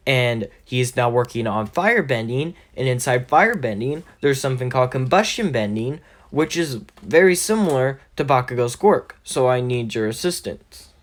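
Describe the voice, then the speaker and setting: A man casually narrating a fan-made story, rambling with fillers and frequent self-corrections. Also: medium pitch.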